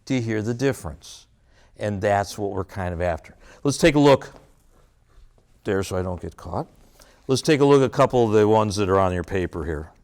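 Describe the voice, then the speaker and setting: A man presents a parenting workshop in a school room, talking with an audience and playing out parent and child scenes. His delivery is animated, with a lively pitch that swings up when he acts out a scene. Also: moderate pace. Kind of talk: interactive workshop talk with role-play.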